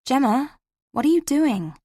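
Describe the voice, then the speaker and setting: A woman narrator voicing a flustered young woman friend who keeps asking questions, in a raised, brighter voice. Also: sits high, sing-song, unhurried, no room sound, studio quality, voice pushed up. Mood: puzzled.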